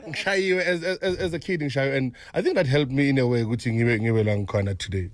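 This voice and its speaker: A man's voice: medium pitch, quick pace. A young man, a comedian guest, talking animatedly with restarts and mixing Zulu and English. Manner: animated, laughing, stumbling restarts. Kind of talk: interview conversation.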